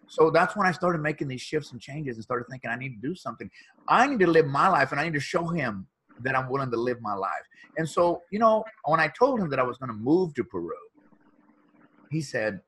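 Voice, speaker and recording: A man in his fifties telling stories as a podcast guest, energetic, often laughing and repeating his words. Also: mid-range voice, brisk, husky, rough recording. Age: 50s. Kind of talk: animated storytelling.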